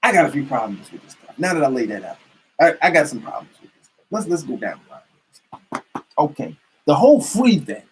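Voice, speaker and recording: A man's voice: fairly high pitch, big pitch swings, brisk, a little hiss or hum, low-quality recording. A man giving an emphatic, repetitive political rant to camera as a commentator.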